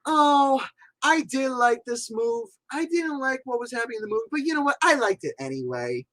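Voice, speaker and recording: A man's voice: extremely high pitch, lively intonation, normal speed, fairly bright tone, voice pushed up. A man putting on the voice of a gushing, sassy movie reviewer in a prissy, sing-song mockery. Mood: mocking.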